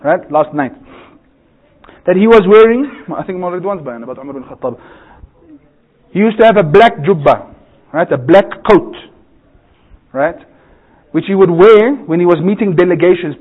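A man preaching as a maulana in a humorous sermon, cracking jokes and asking rhetorical questions. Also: sits high. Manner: joking, rhetorical questions, laughs at own jokes. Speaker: maulana giving a bayan. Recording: tinny phone-like sound.

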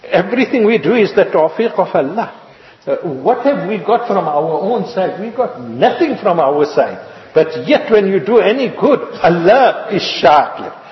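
A man's voice: high voice, sing-song, a little slow. A man preaching a sermon, telling stories and asking the congregation rhetorical questions, repeating his points. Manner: rhetorical questions and repetition, storytelling. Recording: echoey lo-fi hall recording.

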